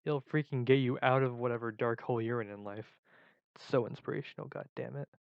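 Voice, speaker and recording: A man's voice: medium pitch, a little fast, vocal fry, smooth, no room sound, highs cut off. A man in a casual vlog who rambles and jokes at his own expense. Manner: rambling, joking, self-mocking. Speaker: video creator.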